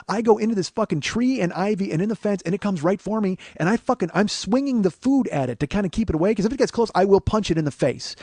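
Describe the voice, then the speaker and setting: A man in his forties hosting a podcast, telling a comic story with profanity and animated, yelled-out quotes. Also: high voice, no echo. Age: 40s. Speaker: podcast host. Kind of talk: comedic storytelling monologue.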